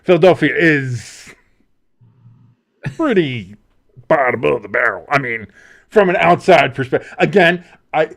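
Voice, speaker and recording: Profane rambling sports podcast host. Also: male voice, on the high side, lively intonation, measured pace, creaky, long pauses, fairly bright tone. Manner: profane, rambling, heavy fillers. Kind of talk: casual sports podcast chat.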